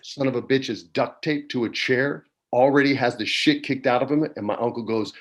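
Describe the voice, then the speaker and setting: A man in his forties from New Mexico, a guest telling stories in a relaxed chat, dropping "man" and "dude" often, on a video call from home. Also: mid-range voice, fairly quick, few pauses. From New Mexico, USA. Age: 40s. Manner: laid-back, peppers talk with "man" and "dude". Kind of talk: casual storytelling chat.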